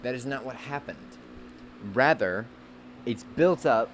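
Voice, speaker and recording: Guy ranting slow and rambly about a movie, keeps restarting, faint hum in the room. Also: mid-range voice, lively intonation. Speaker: movie vlogger. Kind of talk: casual comedic rant.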